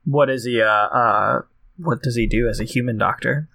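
A man's voice: medium pitch, normal speed, vocal fry, sharp tone, dry recording. A man co-hosting a casual podcast, bantering in a joking, mock-hurt way. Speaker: podcast co-host.

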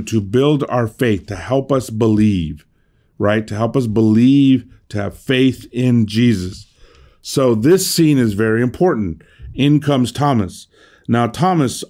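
A man preaching a sermon at a medium pitch. He teaches in a conversational way, repeats his main points with emphasis and checks in with the listeners with a quick "right?". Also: darkish tone. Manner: emphatic, repeats key phrases. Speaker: pastor.

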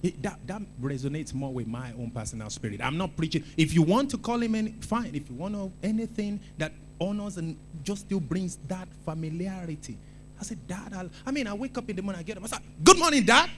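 A man preaching a sermon in a church, talking in an animated, conversational way and repeating phrases for emphasis. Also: high voice, fast talker, slight background noise. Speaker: pastor.

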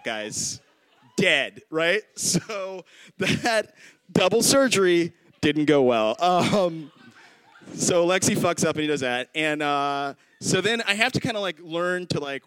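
A man's voice: on the high side, normal speed, smooth, no echo, poor audio. A man in his thirties telling a funny personal story on stage, acting out the quotes and laughing as he goes. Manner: animated, acts out quotes, laughs mid-line. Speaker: storytelling comedian. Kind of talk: live storytelling set.

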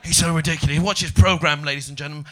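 A man's voice: on the high side, steady tone, rapid-fire, a bit bright. A man doing a stand-up set, in a mock-posh, theatrical way that teases the crowd. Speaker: stand-up comedian.

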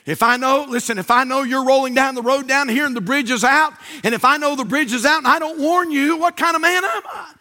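A man's voice: very high voice, sharp tone. A man preaching a sermon, fervent and emphatic, drawing out key words and quoting scripture. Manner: fervent, drawn-out emphatic delivery with Bible quotations.

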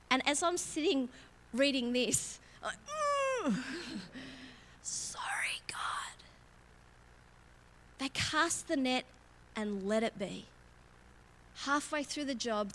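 A woman's voice: fairly high pitch, animated, a little slow, fairly bright tone, slight background noise. A woman preaching a candid, conversational sermon in church, self-mocking and laughing often. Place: church auditorium.

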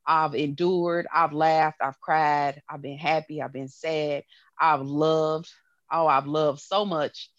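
A woman in her thirties hosts a podcast in a loose, candid monologue. Her voice sits a little low, and she fills her talk with asides and keeps breaking into laughter. The sound is dull and lo-fi, with a dry, close feel. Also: little pitch movement, no room sound. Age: 30s. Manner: drawn-out pauses and filler-heavy phrasing. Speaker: podcast host.

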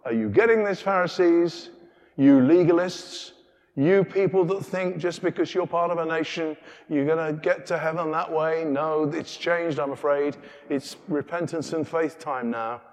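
A man's voice: a little high, unhurried, a little mellow, pitched above the performer's own voice, natural voice. A man voicing Jesus challenging the Pharisees in an emphatic, rhetorical way. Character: Jesus rebuking the Pharisees, stern teacher. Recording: long reverb of a large church.

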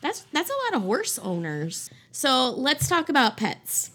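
Lively expressive woman podcast co-host. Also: sits high, a little slow. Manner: expressive, laughs often, reads out figures. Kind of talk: casual podcast chat.

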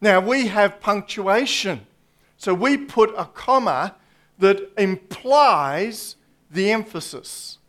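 A man preaching a sermon to a congregation, slow and deliberate, with dry asides. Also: high-pitched, expressive, a bit bright. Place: church congregation.

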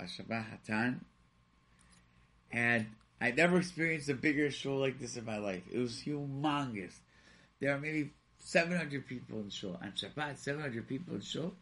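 A man from Rochester, New York, with a husky, medium-pitched voice at a moderate pace, tells stories in a casual talk show conversation. He is an animated storyteller who acts out the voices of the people he quotes.

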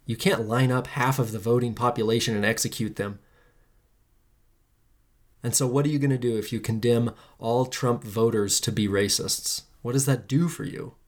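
A podcast host delivering an impassioned solo monologue, emphatic and preachy. The host repeats phrases for effect, swears casually, and swings widely in pitch and pace between lines. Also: moderate pace.

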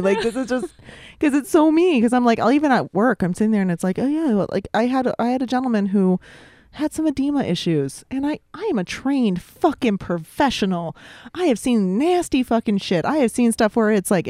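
A woman's voice: on the high side, dry recording, clean studio sound. Profane, giggly woman podcaster. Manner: animated, profane, laughs often. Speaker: podcast co-host. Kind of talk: casual podcast chat.

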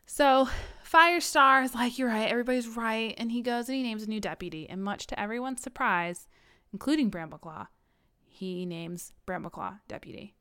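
A woman co-hosting a casual chat, recapping a book series with jokes, swearing and quick acted-out character lines. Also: medium pitch, expressive, pushed and bright, smooth.

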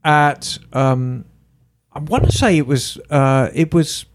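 A man's voice: on the high side, slow pace, a little hiss or hum. An older man, a co-host telling motorcycle stories in casual chat. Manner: animated storytelling.

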